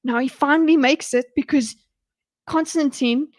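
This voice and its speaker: A woman's voice: high voice, normal speed, a little mellow. A woman hosting a livestream, reacting to a debate in blunt, exasperated commentary full of swearing. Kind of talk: casual commentary.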